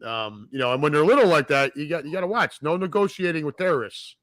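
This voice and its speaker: A man's voice: fairly high pitch, fast, dry recording. A man hosting a casual podcast chat, joking and swearing as he tells stories. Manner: joking, profane, animated storytelling. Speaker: podcast host.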